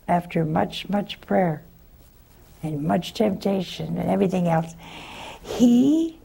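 Nun on a call-in show, slow and gravelly, folksy storyteller who chuckles a lot. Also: female voice, mid-range voice, mellow. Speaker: religious sister answering callers.

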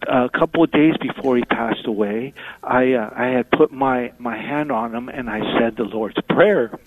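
A man from South Texas calling into a radio show, speaking haltingly with many pauses. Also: mid-range voice, animated, vocal fry. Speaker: caller. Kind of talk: call-in radio chat. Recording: dry, tinny phone line.

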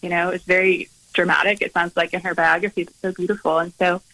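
A woman who is a Carmelite nun, telling a story in an interview in a gentle, earnest way with frequent pauses. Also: on the low side, level tone, low-quality recording. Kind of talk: reflective storytelling in conversation.

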